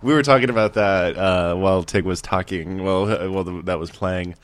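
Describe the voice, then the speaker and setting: A man hosting a show and chatting casually, talking in halting, rambling sentences and laughing often. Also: sits low, fairly even intonation. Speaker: radio show host. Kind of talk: casual chat.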